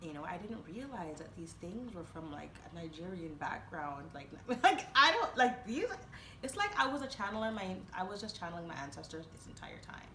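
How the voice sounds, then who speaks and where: A young woman tells a meandering personal story to her followers, full of fillers and sudden laughter. Her voice sits on the lower side and sounds bright and a little tense. It carries the echo of a bare room, with a faint hiss behind it. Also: very animated, fairly quick. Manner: rambling, lots of fillers, bursts of laughter. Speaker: vlogger. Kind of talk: casual storytelling to camera.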